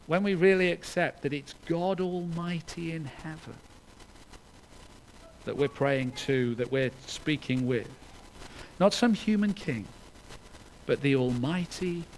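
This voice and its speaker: Male preacher, high-pitched, earnest sermon delivery with loud peaks and quiet drops, stumbling restarts. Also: lively intonation, slow pace, pauses often, a little hiss or hum, low-quality recording. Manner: earnest, swinging between loud emphasis and hushed lines, with restarts.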